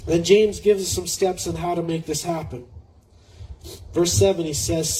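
Earnest high-voiced male preacher. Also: steady tone, dark tone, soft background music, rough recording. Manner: earnest, slows for scripture, frequent restarts. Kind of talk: sermon.

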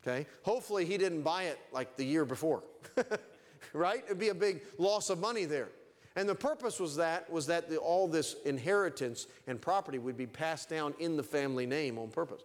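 A man preaches fervently from the pulpit, his fairly high voice swinging up and down for emphasis. The sound trails off in the long reverb of a church sanctuary. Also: lively intonation, brisk. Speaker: pastor. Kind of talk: sermon.

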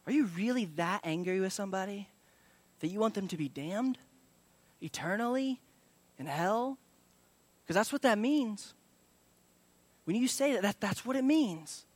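A man's voice: high voice, no echo. A young adult male pastor preaching a sermon in a casual, conversational way, with many fillers and restarts.

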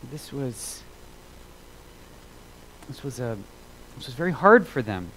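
A man preaching a sermon as a pastor, earnest and emphatic, repeating phrases for weight and moving between loud and hushed delivery. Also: mid-range voice, sing-song, takes it slowly, husky, low-quality recording.

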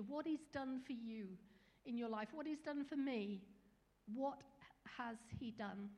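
A woman's voice: high voice, in a large hall. A woman preacher giving an earnest, encouraging sermon with small fillers.

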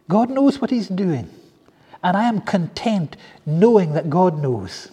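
A man preaching in an earnest, pleading tone that builds through repeated phrases. His voice sits fairly high for a man, with a soft, husky edge and a mellow, dark tone. Long reverb trails each phrase, as if he is in a large hall. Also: big pitch swings, a little slow. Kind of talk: sermon.

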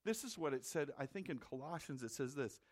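A man's voice: fairly high pitch, lively intonation, fairly quick. A man from the Midwest preaching a sermon as a pastor, in a conversational way that repeats words when he presses a point.

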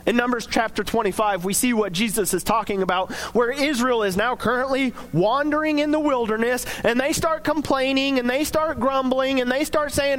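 A man's voice: extremely high pitch, moderate pace, few pauses, fairly bright tone. A young man preaching a sermon in an earnest, conversational way, acting out quoted lines as he goes. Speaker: pastor.

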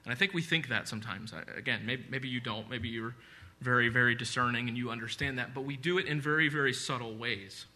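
A man's voice: mid-range voice, fast talker, pushed and bright. A man preaching a sermon, speaking earnestly and conversationally with repeated phrases and asides. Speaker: pastor.

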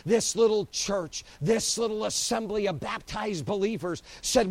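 A man preaching a sermon as pastor. He swings from hushed, slow lines to loud, driving buildups and repeats phrases in rising, rhythmic runs. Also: high voice, no echo, low-quality recording.

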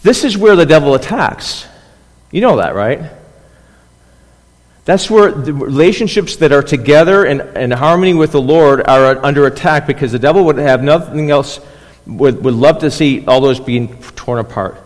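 A man's voice: a little high, expressive, normal speed. A man preaching a conversational sermon as pastor, often checking in with listeners and restarting phrases. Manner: restarts and repeats words. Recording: long hall reverb.

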